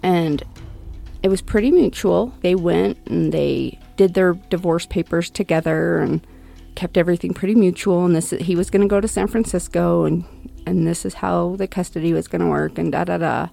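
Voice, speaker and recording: A woman with a low, gravelly voice tells a painful personal story in an interview. She talks haltingly and restarts often, and her pitch jumps up whenever she quotes what others said. Soft music runs faintly underneath. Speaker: interview guest, bereaved mother. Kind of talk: personal account in conversation.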